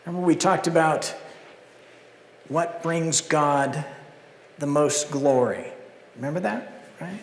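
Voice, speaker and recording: A male pastor preaches a sermon with a fairly high voice. He takes his time and brings the scenes alive with animated storytelling. The long reverb of the church hall surrounds every word. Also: slow, long pauses, a little hiss or hum. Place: church sanctuary.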